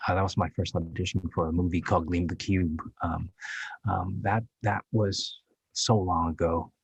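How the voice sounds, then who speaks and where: Male guest actor in his fifties, low raspy voice, candid and hesitant storytelling. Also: steady tone, no room sound, highs cut off. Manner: halting and reflective, with many restarts.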